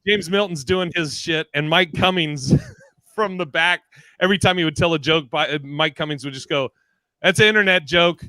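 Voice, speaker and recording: A man hosts a loose chat among comic friends over a video call, acting out the voices in his stories as he goes. His voice is bright and sits a little high. The sound is dry and close. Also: moderate pace, dry recording. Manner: animated storyteller, acts out voices in anecdotes. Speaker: podcast host. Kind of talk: casual chat among comedians.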